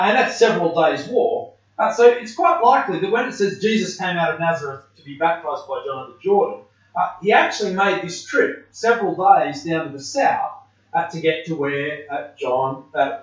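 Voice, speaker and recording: A man's voice: a little high, normal speed. A man preaching a sermon in a conversational way, with frequent hesitations and fillers. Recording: distant, dull, very echoey room.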